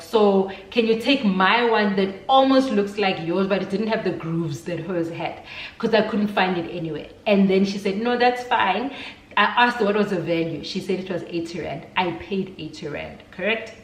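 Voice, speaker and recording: A South African woman, an event planner, telling a story in a casual vlog, animated and switching between English and Xhosa as she acts out what people said. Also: medium pitch, echoey room, far from the mic, poor audio.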